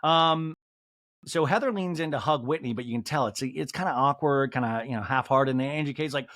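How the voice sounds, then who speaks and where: A man hosting a comedy podcast, recapping a reality show episode and acting out the cast members' lines in quick put-on voices. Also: mid-range voice, animated, a bit bright, no room sound. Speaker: podcast host.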